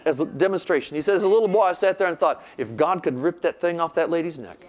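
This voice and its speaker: A man's voice: on the high side, fast talker. An older man preaching, telling a story animatedly and acting out the voices he quotes. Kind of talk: sermon storytelling.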